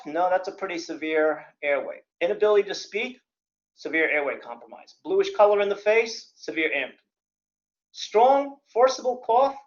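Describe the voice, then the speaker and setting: Male CPR instructor, plain-spoken lecture with dry humor, a bit high-pitched, muffled lo-fi audio. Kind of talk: classroom lecture. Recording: dull lo-fi recording.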